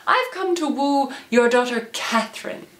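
A woman's voice: high-pitched, expressive, a little slow, fairly bright tone, pitched above the performer's own voice. A woman voicing Petruchio, a brash young nobleman in a homemade storybook retelling, who talks in an eager, pushy rush. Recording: echoey room.

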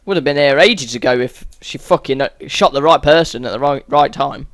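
A man's voice: medium pitch, brisk, fairly bright tone, no echo, clean studio sound. A man giving sweary, exasperated running commentary over a video game as a gaming channel host. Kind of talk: let's-play game commentary.

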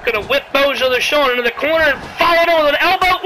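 A game commentator calling a wrestling video game play by play, excitable, sarcastic, yelling at big moves and pleading with the wrestlers. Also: high voice, rapid-fire, few pauses, noisy background. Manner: sarcastic asides and mild swearing.

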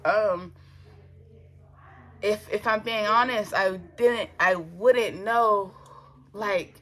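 A woman's voice: fairly high pitch, normal speed, fairly bright tone. A young woman vlogger giving an earnest personal faith testimony in her bedroom, emotional and close to tears, talking casually and repeating herself for emphasis. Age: young adult. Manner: earnest, repeats phrases, casual slang and fillers.

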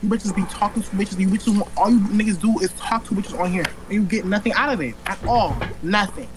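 A person from Oakland, California, talking in a sassy, put-on voice on a video chat call, cursing and firing back quick comebacks. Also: mid-range voice, poor audio. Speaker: stranger on a video chat app.

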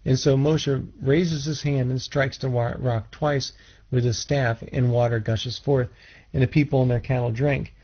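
A man teaching scripture in a measured way, restarting phrases and putting questions to his listeners. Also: mid-range voice, fairly even intonation, husky. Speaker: Bible teacher. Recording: dull lo-fi recording.

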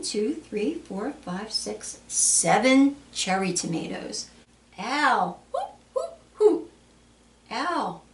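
A woman leads a children's storytime at a library, reading aloud in a sing-song, animated voice that swoops high and low. She takes her time over the words. The sound is roomy and echoey, as if picked up from across the room. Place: public library. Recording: echoey room, mic at a distance.

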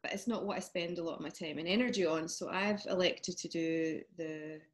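A woman's voice: lowish voice, a little fast. A Scottish woman chatting casually as an interview guest over a video call, laughing often and trailing off. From Scotland. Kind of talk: casual chat.

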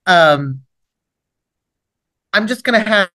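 A middle-aged woman teaching a training session at a steady, middle pitch. She talks plainly and shifts into brighter, higher voicing when she acts out what a helper might say. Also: slow pace. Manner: lively, rises sharply when acting out gentle approach lines. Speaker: trauma expert leading a training webinar. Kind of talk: instructional lecture with role-played examples.

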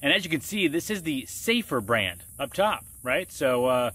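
A man chatting his way through a gardening demonstration outdoors. He explains each step in a relaxed, conversational way, often checking in with the listener. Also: mid-range voice, moderate pace, breathy edge. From Florida. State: muffled by a face mask. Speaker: gardening vlogger. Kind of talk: casual how-to vlog.

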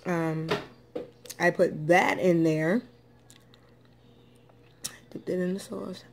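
A woman talks through her meal in a slow, unhurried drawl, her voice sitting a little low. She rambles in a friendly, chatty way with plenty of ums. Cutlery and dishes clink softly behind her. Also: fairly even intonation. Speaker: food vlogger. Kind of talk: casual mukbang eating chat.

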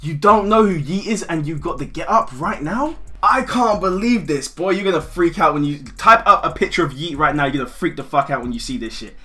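A young man chatting with strangers on a video chat site. He talks loudly and excitably, swears a lot, and keeps bursting into shouts. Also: a little high, fairly quick, few pauses, faint music behind. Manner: loud, excitable and profane, breaking into shouts and laughter.

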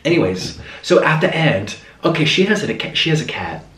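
A young man with a lively, swooping voice tells a rambling story while eating on camera. He sounds a little above the usual male pitch and sits somewhat back from the mic, so the room gives off a noticeable echo. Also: moderate pace, recorded from a distance. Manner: chatty, rambling, animated. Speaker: mukbang vlogger. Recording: roomy echo, a bit off-mic.

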